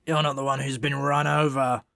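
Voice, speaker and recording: A sardonic, put-upon talking badger from a storybook, as a male narrator puts him on. He snaps back with bitter sarcasm in a middle-pitched voice, recorded close and dry. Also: little pitch movement, fairly quick, gravelly, a bit bright, no echo.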